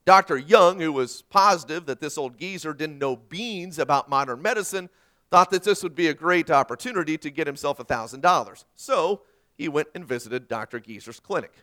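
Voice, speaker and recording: A male pastor giving an earnest sermon, asking rhetorical questions and swinging between loud and soft. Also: fairly high pitch, lively intonation, moderate pace.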